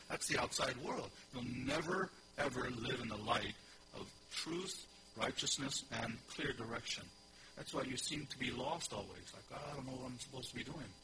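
A man preaches a teaching sermon in a middle-pitched voice, stressing and repeating key phrases and asking his congregation questions. The recording carries steady background noise and a low hum. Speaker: pastor.

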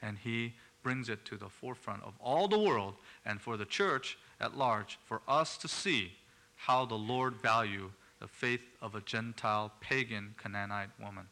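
A man's voice: on the low side, unhurried, gravelly, sharp tone. A man preaching a sermon in an earnest way, rising to emphatic bursts.

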